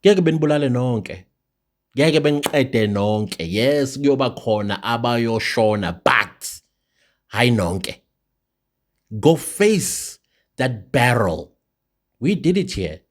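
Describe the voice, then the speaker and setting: A man's voice: medium pitch, lively intonation, slow, long pauses. A South African man hosting an impassioned opinion monologue, firing off rhetorical questions. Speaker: show host.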